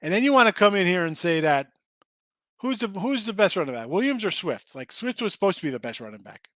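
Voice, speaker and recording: Fired-up male betting host, bright voice pitched a bit high, chatting with viewers. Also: fast talker, no echo. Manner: excitable, swears, talks to chat viewers by name. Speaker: sports betting show host. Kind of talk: casual betting picks talk.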